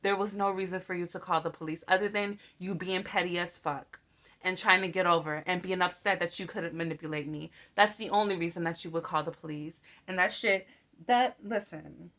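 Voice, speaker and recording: A young woman hosting a show, telling a personal story in a candid, animated way and swearing freely. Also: fairly low pitch. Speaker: podcast host. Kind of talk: casual storytelling monologue.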